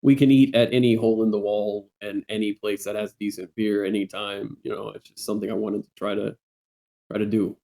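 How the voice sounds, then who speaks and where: A man voicing his character, a gruff former head of military, talking haltingly and earnestly. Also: lowish voice, flat delivery. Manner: halting, plainspoken, gently earnest. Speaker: player.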